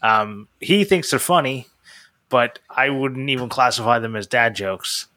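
With a bright, forceful mid-range voice at a measured pace, this podcast co-host talks casually and meanders, stumbling through many fillers and false starts. The audio is dry.

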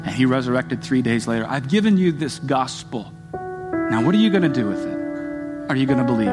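A man preaching a sermon as a pastor, earnest and repetitive, building emphasis as he speaks. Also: fairly high pitch. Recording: music playing behind the voice. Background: soft guitar music.

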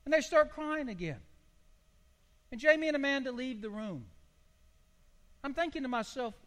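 A man's voice: very high voice, lively intonation, moderate pace, long pauses, a bit bright. An older man, a pastor, preaching a sermon in a folksy, storytelling way with homely illustrations. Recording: long hall reverb.

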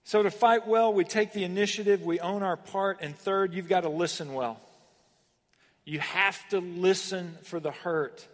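A male pastor preaching with a high, bright-edged voice. He drives points home with sudden emphatic rises and deliberate pauses. The sound carries a long reverb, like a church sanctuary. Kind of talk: sermon.

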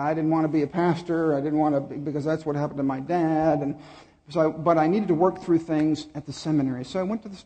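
A middle-aged man preaching a sermon, telling a personal story with pauses and repeated words. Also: fairly high pitch, warm tone. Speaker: pastor.

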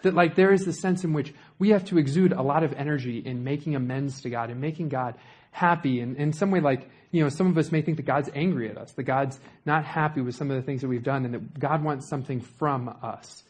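A man's voice: mid-range voice, fairly quick, darkish tone, slightly rough. A young man preaching a sermon in a conversational way, with joking asides to the congregation.

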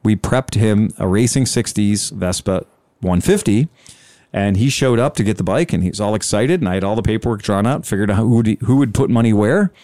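A man's voice: on the low side, a little fast, dark tone, dry recording. A man telling a long sales story in casual chat, acting out both sides of the conversation. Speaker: scooter dealer telling a story.

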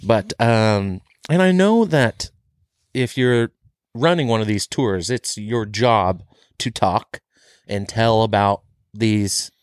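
A man's voice: on the low side, takes it slowly, clear, resonant tone, no room sound, studio quality. A man co-hosting a podcast in casual chat, laughing easily and restarting his sentences. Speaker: podcast co-host.

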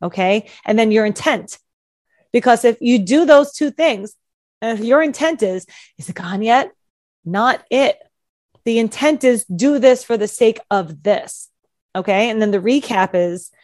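Female coach, mid-pitched, explains patiently, dry close recording. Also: dry recording. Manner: explanatory, mimics anxious self-talk. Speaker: anxiety coach. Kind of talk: podcast conversation.

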